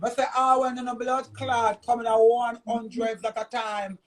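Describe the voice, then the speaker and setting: A man's voice: very high-pitched, little pitch movement, normal speed, poor audio. A man with a Jamaican accent delivering a heated, cursing, repetitive rant in a vlog. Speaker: vlogger.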